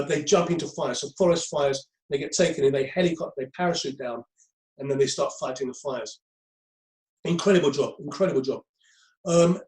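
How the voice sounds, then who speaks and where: Give me a man teaching a group in a roomy, echoing space. His voice sits a little high for a man, and he talks in a loose, conversational way, stumbling over repeated words. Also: a little mellow. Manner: conversational, repeats himself, many ums. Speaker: crisis management trainer. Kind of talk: lecture to a group.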